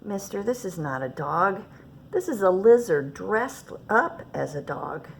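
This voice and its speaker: A woman's voice: mid-range voice, expressive, a little slow, vocal fry, slight background noise. A woman reading aloud and voicing a young girl who firmly insists she wants a dog. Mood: insistent. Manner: firm, insistent, stubborn.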